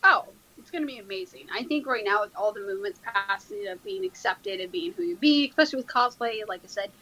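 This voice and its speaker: A woman being interviewed as a guest cosplayer, chatting in an animated way and laughing often. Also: medium pitch, fast, rough recording. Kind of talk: casual interview chat.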